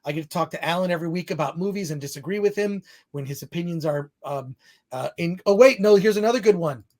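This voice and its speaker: Guy hosting a live podcast, kinda high voice, rambly and laughy, reads out chat messages. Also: fast talker, a little mellow. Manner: rambling, laughing, self-deprecating. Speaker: podcast host. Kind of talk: live-stream podcast chat, reading super chats.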